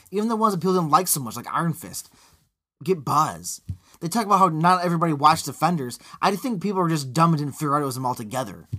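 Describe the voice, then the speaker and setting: A man co-hosting a casual chat podcast from Chicago, talking in an animated way that jumps into quoted voices. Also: sits high, husky. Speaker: podcast co-host.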